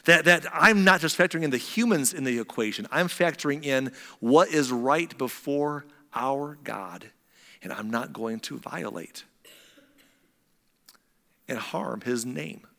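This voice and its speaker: Speaking at a measured pace in an expressive, mid-range voice that's gravelly and sharp, a pastor delivers a sermon. He keeps it conversational with joking asides that make the congregation laugh, and the recording carries a reverberant hall sound.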